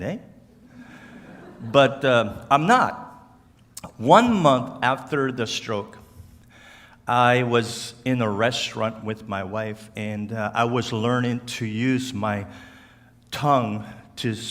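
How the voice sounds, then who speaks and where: A man from Cape Breton Island with a Cape Breton accent, speaking as a guest at church in a slow, halting way, with slurred words and restarts. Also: mid-range voice, a bit bright. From Cape Breton Island, Canada. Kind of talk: church talk to a congregation. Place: church hall. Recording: church hall reverb.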